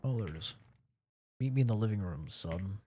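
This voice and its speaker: A man's voice: lowish voice, expressive, a little fast, warm tone, breathy edge. A man streaming a horror game, chatting casually over gameplay, swearing and joking around. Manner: profane, joking, blurts silly sing-song noises.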